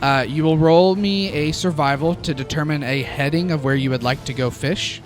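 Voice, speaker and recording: Casual male game master with a slightly high voice, chuckling through his narration, music underneath. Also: normal speed. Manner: casual, laughing often, relaxed narration. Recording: background music.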